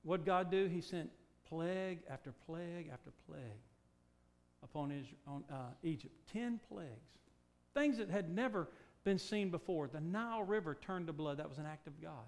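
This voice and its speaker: A man preaches a sermon at normal speed, emphatic and full of rhetorical questions. He swings between loud declarations and low, quiet points.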